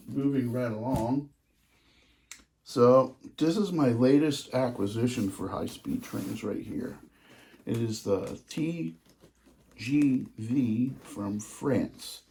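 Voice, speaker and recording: Male hobby vlogger, mellow low-key tone, unhurried delivery, openly gushing about his trains. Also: vocal fry, slight background noise. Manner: excited, gushing, trails off in hushed asides. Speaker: model train hobbyist showing his collection. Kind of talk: casual hobby vlog.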